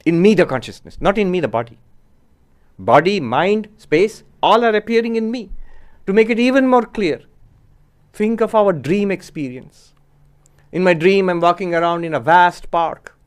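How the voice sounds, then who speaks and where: A man giving a spiritual discourse as a Vedanta teacher, measured and explanatory, often posing rhetorical questions. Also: sits high, lively intonation, smooth.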